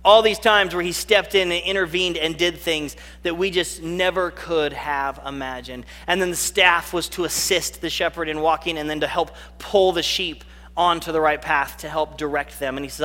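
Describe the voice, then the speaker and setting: High, bright-voiced male preacher in a reverberant hall. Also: fairly even intonation. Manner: earnest, slows right down on key phrases. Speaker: pastor. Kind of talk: sermon.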